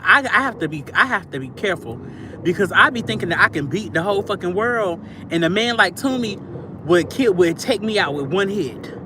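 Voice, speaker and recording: A woman's voice: medium pitch, noisy background. A woman chatting casually to viewers on a livestream, gushing and chatty, calling them "y'all" and "sister.".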